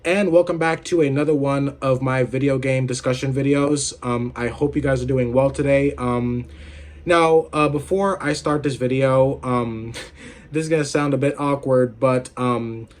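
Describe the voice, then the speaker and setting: A man's voice: medium pitch, fairly even intonation, moderate pace. A young man hosting a casual video game commentary, rambling and swearing with lots of filler words while feeling unwell with a headache. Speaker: gaming video host.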